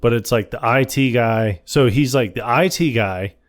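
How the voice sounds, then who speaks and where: A man's voice: medium pitch, normal speed. A man co-hosting a podcast, recapping a film in casual chat, quoting scenes in funny voices and laughing often. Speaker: podcast co-host.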